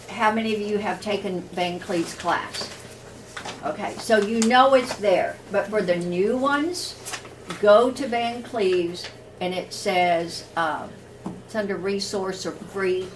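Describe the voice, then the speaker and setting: Lady teaching a class, slow and halting, lots of ums, mic far off across the room. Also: fairly low pitch, background noise. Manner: informal, many fillers and restarts. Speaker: workshop teacher. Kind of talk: teaching a workshop. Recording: distant room recording with faint ambience.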